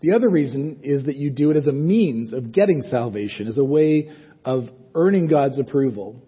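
A man's voice: a little high, husky. A man preaching a sermon in an earnest, conversational way, asking his listeners questions as he goes. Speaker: pastor. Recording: muffled sound with long reverb in a hall.

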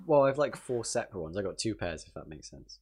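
A man's voice: lowish voice, big pitch swings, quick pace, darkish tone, slightly rough. A young man in casual chat, teasing and laughing a lot. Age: young adult.

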